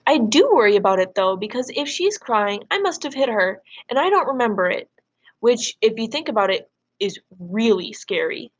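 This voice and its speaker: Woman teacher reading a novel aloud. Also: on the high side. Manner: expressive, measured read-aloud.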